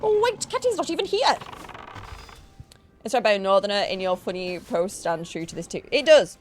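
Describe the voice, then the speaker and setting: A woman's voice: mid-range voice, sing-song, moderate pace, soft background music. A woman from Yorkshire with a northern English accent, chatting and teasing her viewers in a casual live stream while she plays a game. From Yorkshire, England. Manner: chatty, teasing, jokey banter with chat.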